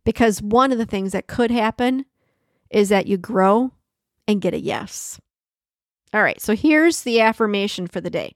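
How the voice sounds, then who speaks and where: A woman of middling pitch hosts a reflective solo podcast, speaking close to the mic in a dry, dead room. She talks conversationally, repeats key phrases for emphasis and laughs often. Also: animated, moderate pace, no room sound. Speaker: podcast host.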